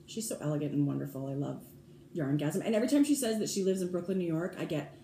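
Chatty woman co-host, mellow roomy voice. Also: low-pitched, quick pace, creaky, slight background noise. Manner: chatty, gushing, trails off mid-sentence. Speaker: podcast co-host. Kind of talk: casual chat. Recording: roomy room echo.

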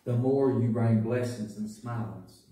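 A man preaching a sermon as pastor, telling folksy stories that build to loud preaching. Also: medium pitch, a little slow. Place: church sanctuary. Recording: echoey church recording from a distance.

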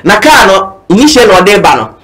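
High-voiced fervent Ghanaian man. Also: very animated, fast talker, a bit bright, poor audio. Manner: fervent, repetitive, mixes Twi and English. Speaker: political commentator. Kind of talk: impassioned political talk.

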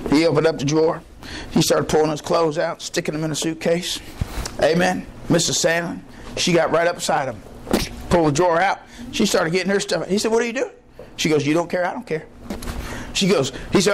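A man preaching a sermon as pastor, folksy, acting out the voices in his stories and rising to shouts. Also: a little high, a little hiss or hum. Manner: folksy storytelling, acts out voices; rises to shouts when fired up. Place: church.

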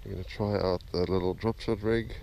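A man's voice: low-pitched, a little fast, gravelly. A man with a South African accent, chatting casually as a fishing vlogger outdoors, rambling with lots of fillers. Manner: relaxed, rambling with many fillers. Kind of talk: casual vlog chat. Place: outdoors at a dam, partly on the water. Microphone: GoPro camera mic. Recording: noisy outdoor camera audio.

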